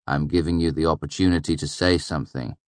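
A man with a low voice reading the lines of a wry, weary male innkeeper and storyteller, with dry, pointed teasing. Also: fairly even intonation, fast, no room sound.

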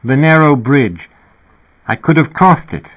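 A man's voice: fairly high pitch, animated, unhurried, breathy edge, pitched above the performer's own voice. A man reading the lines of a young boy who asks searching questions in a wondering tone. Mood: earnest. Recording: narrow, phone-like sound.

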